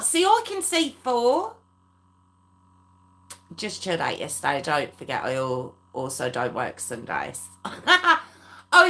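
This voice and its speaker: A woman's voice: mid-range voice, sharp tone. A woman hosting a true crime livestream, chatting casually with viewers, laughing often and addressing them by name. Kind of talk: casual live chat with viewers.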